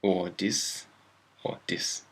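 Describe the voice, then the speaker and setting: A man's voice: sits low, very slow, gravelly, a little hiss or hum, rough recording. A man with a Japanese accent teaching a casual language lesson, thinking aloud and often stopping to correct himself.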